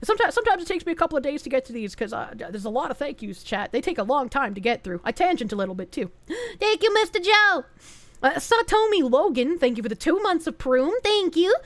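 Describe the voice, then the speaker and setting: A woman VTuber streamer chats casually with her live audience, thanking donors in a bright, high voice. Her tone leaps up and down playfully, full of cutesy baby talk. Every so often she drops in a dry, sarcastic aside. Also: sing-song, fast, few pauses, no echo.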